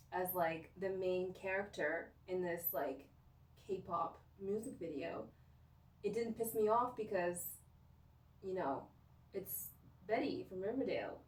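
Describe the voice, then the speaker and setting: Young woman, vlogger; rambling, emotional, full of fillers; distant mic, echoey room. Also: medium pitch. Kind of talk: casual personal rant to camera.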